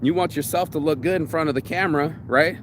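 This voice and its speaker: Fired-up high-voiced man, crude and slangy. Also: quick pace, noisy background. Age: 40s. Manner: crude, pumped-up, slangy, acts out inner voices. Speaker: podcast host. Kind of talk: motivational monologue.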